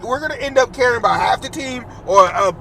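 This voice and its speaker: A man's voice: very high-pitched, lively intonation, fast talker, gravelly, sharp tone. Blunt skeptical man in a car. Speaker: podcast co-host. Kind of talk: casual argumentative chat. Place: inside a car. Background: faint car and road noise.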